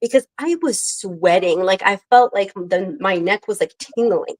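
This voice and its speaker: A young adult woman in casual chat, telling a lively story and acting out the quotes. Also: mid-range voice, unhurried, poor audio. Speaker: podcast co-host.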